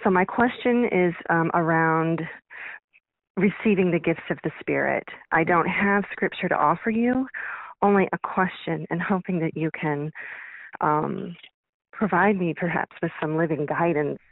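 A woman's voice: lowish voice, measured pace, no room sound. A woman calling into a radio program with a thoughtful, slightly hesitant question. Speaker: caller. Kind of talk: phone-in question. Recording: tinny phone line.

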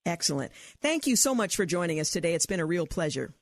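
A woman hosting an interview show, asking measured, slightly halting questions. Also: on the low side, big pitch swings, dry recording. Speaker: radio host.

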